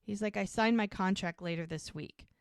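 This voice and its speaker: A woman's voice: medium pitch, normal speed, clean tone, no room sound, clean studio sound. A woman co-hosting a podcast, casually recapping a TV episode and retelling scenes by quoting the characters. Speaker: podcast co-host.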